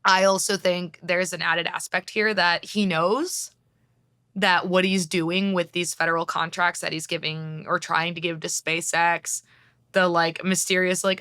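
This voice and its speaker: A woman co-hosting a casual podcast, talking briskly and bluntly with casual swearing. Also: lowish voice, little pitch movement, pushed and bright, clear, resonant tone, no echo, studio quality. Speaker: podcast co-host.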